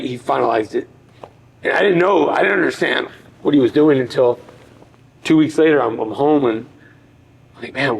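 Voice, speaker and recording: Podcast guest, middle-aged man, gravelly voice, earnest and reflective storyteller. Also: mid-range voice, rough recording. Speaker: podcast guest, former boxer. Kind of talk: personal storytelling in conversation.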